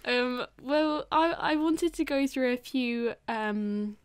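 A woman's voice: high voice, takes it slowly, smooth. A young woman co-hosting a podcast, rambling and giggling through casual chat with many fillers. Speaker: podcast co-host.

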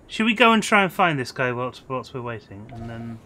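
A man's voice: mid-range voice, big pitch swings, a little fast, pushed and bright. A British man chatting casually during a game stream, laid-back with dry jokes. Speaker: gamer streaming with friends.

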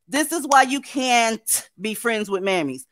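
A woman's voice: fairly high pitch, expressive, measured pace, a bit bright, no room sound. A woman hosting a livestream, talking bluntly and sardonically to her viewers. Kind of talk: livestream commentary.

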